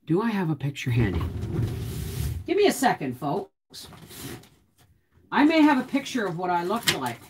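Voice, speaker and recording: A middle-aged woman chatting casually to her viewers in a fairly low voice that swings widely up and down. She rambles and mutters to herself as she sorts through old photos, then breaks into loud, high exclamations. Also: sing-song, moderate pace, pauses often, noisy background. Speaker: homestead vlogger.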